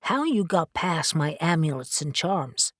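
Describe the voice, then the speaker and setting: A woman voicing a gruff, blunt, sarcastic male dealer in magical objects who swears freely. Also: low-pitched, big pitch swings, measured pace, a bit bright, no echo, studio quality, full character voice.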